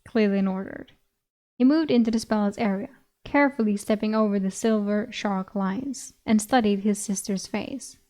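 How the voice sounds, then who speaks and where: Fairly high-voiced woman reading a fantasy book on stream, giggles a lot, chats between bits. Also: a little mellow. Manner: laughs often, breaks off with casual asides. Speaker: streamer reading a novel aloud. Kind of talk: audiobook reading with reaction commentary.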